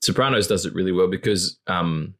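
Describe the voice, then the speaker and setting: A brisk male podcast co-host rambles through casual chat, swearing freely and acting out quotes in squeaky voices.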